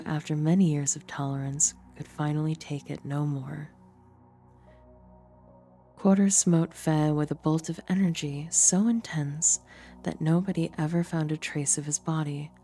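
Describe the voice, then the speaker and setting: A young adult woman, a streamer and voice actor, reading game lore aloud in a theatrical, deliberate storybook manner. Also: low-pitched, dark tone.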